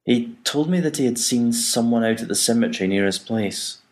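A man voicing a troubled priest who speaks quietly and subdued. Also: medium pitch, fairly quick, voice pushed up, natural voice. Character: troubled middle-aged male priest.

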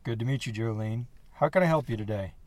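A man voicing a quiet, flat-eyed young farmer, talking softly, deeply and slowly. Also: no echo, natural voice. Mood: polite. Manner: soft, deep, slow and polite.

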